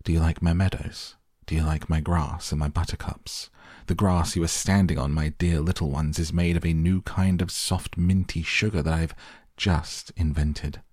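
A man voicing an eccentric, excitable male chocolate maker in an audiobook, gushing in theatrical bursts. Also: deep voice, dry recording, clean studio sound. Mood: delighted. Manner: gushing, theatrical, quick enthusiastic patter. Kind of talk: audiobook character voice.

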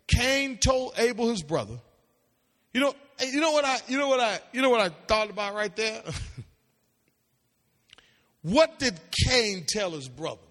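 Male pastor-teacher with a high voice, animated preaching cadence, in a reverberant hall. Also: unhurried, long pauses. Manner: animated, calls out to the audience, sing-song rises into shouts. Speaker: pastor teaching a seminary class. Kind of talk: preaching-style Bible teaching.

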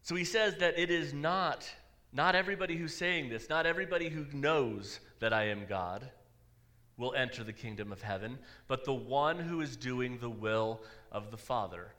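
A man's voice: medium pitch, moderate pace, bright, forceful tone. A man, a pastor, preaching a sermon in a church in a conversational way, with dry asides.

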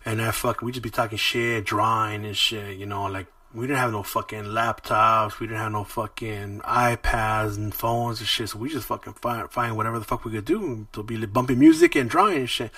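A man's voice: lowish voice, moderate pace, creaky, few pauses, no echo. A man hosting a podcast, telling stories in casual, profane street slang. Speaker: podcast host. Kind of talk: casual storytelling. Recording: distant mic with loud music behind.

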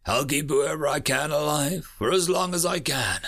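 A wounded ship's doctor speaks through pain, his words coming out in grunts, as a man plays him. He sounds resigned and steady, set higher than the narrator's own voice. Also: normal speed, soft background music. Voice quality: pained, grunting.

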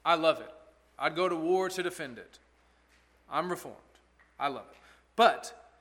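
A man's voice: high voice, bright, forceful tone. A male pastor giving an expository sermon in an earnest, conversational way, asking rhetorical questions.

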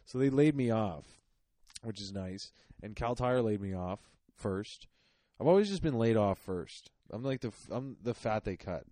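A young man with a lowish, mellow voice tells rambling, self-mocking stories full of fillers. It is casual comedic podcast chat, recorded close and dry. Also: expressive, moderate pace, dry recording. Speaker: podcast co-host.

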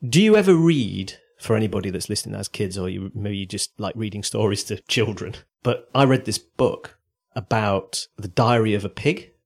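A man's voice: fairly low pitch, animated, normal speed, breathy edge. A man from England, co-hosting a podcast in a casual, rambling, self-deprecating chat. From northern England. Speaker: podcast co-host.

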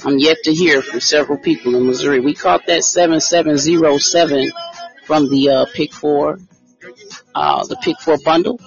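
A man's voice: fairly high pitch, steady tone, moderate pace. A man hosting a casual live stream, chatting with viewers by name and reading out lottery numbers. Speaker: livestream host giving lottery picks. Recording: dull lo-fi stream audio with faint music.

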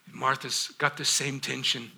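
A man preaching a sermon, asking rhetorical questions and acting out scripture with dramatic pauses and sudden hushed drops. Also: medium pitch, flat delivery, vocal fry, slightly rough. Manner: rhetorical questions, acts out biblical quotes. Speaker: pastor.

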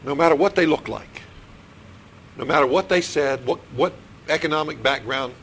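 Middle-aged male pastor, gravelly slightly high voice, preaching style with repeated questions to the room. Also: moderate pace, fairly bright tone, slight background noise, rough recording. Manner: repeats questions to the congregation, restarts phrases. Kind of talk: sermon. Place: church sanctuary.

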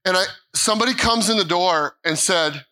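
An American man in mid-life preaches from a church platform, his voice ringing and brightly forceful. He sits a touch high for a man and tells his story in emphatic bursts, stumbling over restarts and repeating lines for weight. He acts out the dialogue as he goes. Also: normal speed, rough recording. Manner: animated storytelling with repeated phrases and quoted dialogue. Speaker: pastor. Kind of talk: sermon. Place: church sanctuary.

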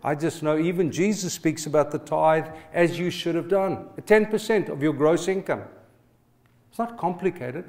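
Somewhat high and a little mellow, the middle-aged pastor's voice keeps a moderate pace through the sermon. He tells stories about himself and often invites the congregation to answer.

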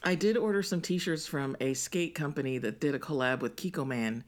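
A woman's voice: sits low, moderate pace, a little hiss or hum. A woman in her forties co-hosting a podcast, chatting casually in a rambling way and laughing often mid-sentence. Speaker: podcast co-host. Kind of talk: casual chat.

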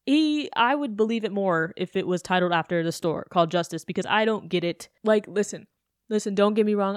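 A woman's voice: medium pitch, clean tone, no echo, clean studio sound. A young adult woman hosting a podcast, ranting in a chatty, sarcastic way with self-questioning asides. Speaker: podcast host. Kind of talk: casual podcast rant.

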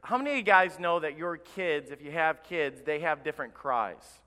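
A man preaching a sermon as pastor, lively and acting out the people he quotes. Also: a little high, normal speed. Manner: animated, acts out quoted voices. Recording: live in a reverberant church.

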